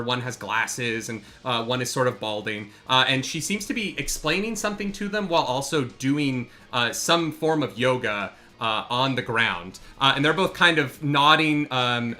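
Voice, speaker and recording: A man narrating as game master of a tabletop game, pausing often with fillers and restarts. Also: mid-range voice, sharp tone. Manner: halting, many fillers and restarts.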